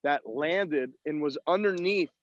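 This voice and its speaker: A man's voice: on the high side, unhurried, no room sound, muffled recording. A man co-hosting a podcast, calling in from outdoors at a golf tournament and telling self-mocking, profane stories about his round. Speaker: podcast co-host. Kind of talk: casual chat.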